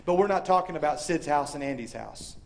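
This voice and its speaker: A man with a high, light voice preaches a sermon to a live audience. He is animated, acts out the voices in his story, and swings from loud calls to hushed, quiet lines. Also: fairly quick, vocal fry. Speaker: speaker. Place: university chapel or hall with audience.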